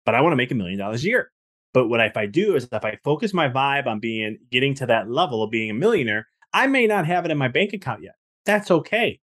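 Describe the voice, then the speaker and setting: A man talking as a podcast guest, an author telling animated stories with lots of restarts. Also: medium pitch. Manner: fast, animated storytelling with frequent restarts. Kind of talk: casual podcast conversation.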